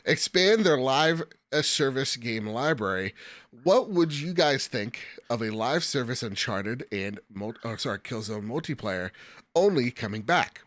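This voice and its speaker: A man's voice: medium pitch, expressive, a little slow, a bit bright. A man co-hosting a casual gaming podcast, joking around and reading out listener mail, with a slight lisp. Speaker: podcast co-host.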